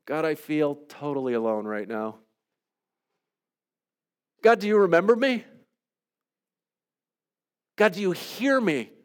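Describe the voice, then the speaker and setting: A man leading a devotional, praying aloud in an earnest, pleading way with soft, hushed trailing endings, then teaching calmly. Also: fairly high pitch, takes it slowly, long pauses, smooth. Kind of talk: reflective spoken prayer and teaching.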